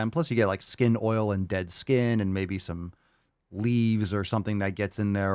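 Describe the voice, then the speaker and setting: A man's voice: deep voice, no room sound. A man hosting a podcast, answering listener questions in a loose, rambling chat with jokey asides. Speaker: podcast host.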